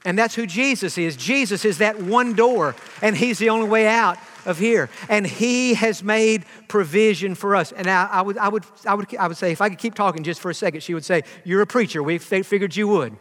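A man in his fifties delivers a sermon in a high voice. He is earnest, circling back and repeating words as he builds each point. His voice rings with the long reverb of a church hall. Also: fairly quick, hardly any pauses, a bit bright. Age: 50s. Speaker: preacher.

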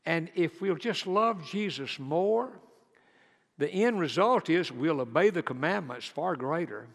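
A pastor preaching a sermon in an earnest way, repeating words as he goes and moving between loud emphasis and soft asides. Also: fairly high pitch, animated, measured pace, creaky, in a large hall.

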